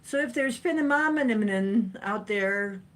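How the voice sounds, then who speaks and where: Slow-talking, rambling woman host. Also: animated, fairly bright tone. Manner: rambling, chatty, laughs often, playful swoops in pitch. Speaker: livestream host. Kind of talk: casual livestream chat. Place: at home, sitting in a chair with a cat.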